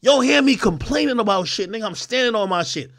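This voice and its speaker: A man from Jamaica hosting his own show, delivering a profane, aggressive, confrontational rant and often breaking into shouts. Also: high voice, lively intonation, fast. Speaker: host. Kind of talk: ranting livestream commentary.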